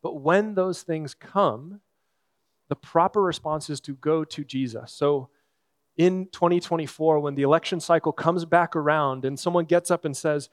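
A man preaching a sermon as a pastor, earnest and conversational, with thoughtful pauses. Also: fairly high pitch, no echo.

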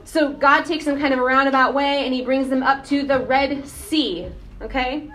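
A woman giving a casual, animated sermon, often asking the congregation questions. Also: high voice, normal speed. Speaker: preacher.

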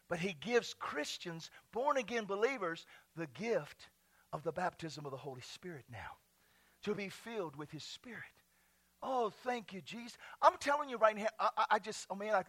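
Male pastor, middle-aged, high bright voice, exuberant preacher who goes from shouts to hushes. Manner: exuberant, swings from shouts to hushed tones, laughing. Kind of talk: sermon.

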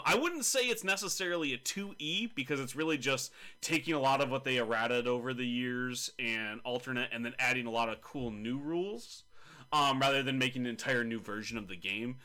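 A man with a bright, clear-ringing voice at middle pitch hosts a casual podcast. He chats about tabletop games in a jokey, teasing way. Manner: chatty and jokey, teasing his co-hosts, with frequent laughs. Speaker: podcast host.

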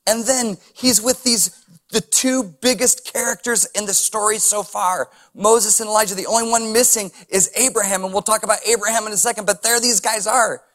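A man's voice: sits high, steady tone, normal speed, fairly bright tone. A man preaching a sermon as a pastor, reading scripture and adding casual chuckling asides and rhetorical questions.

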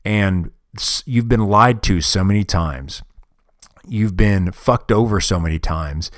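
Taking it slowly in a deep voice, a podcast host in his forties gives a rambling, blunt and profane casual monologue, frequently restarting his sentences. His podcast microphone delivers studio-quality sound with no room ambience.

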